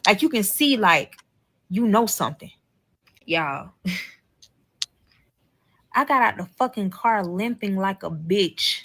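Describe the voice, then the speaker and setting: A woman's voice: medium pitch, expressive, takes it slowly, pauses often, a bit bright. A woman telling a personal story in a casual storytime monologue, blunt and profane, talking straight to her viewers. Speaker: storyteller in a played clip.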